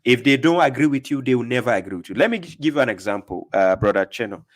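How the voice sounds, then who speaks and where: Man, host, call-in religious debate, assertive, lecturing, medium pitch. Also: expressive, fast. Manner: assertive, lecturing, acts out examples with sudden shouts and whispers.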